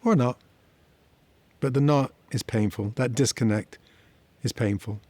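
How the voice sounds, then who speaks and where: A man's voice: mid-range voice, unhurried, a little mellow, dry recording. Middle-aged male teacher, reflective and conversational, story-driven explainer. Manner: reflective, conversational, tells personal stories. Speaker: therapy teacher. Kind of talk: explanatory talk to camera.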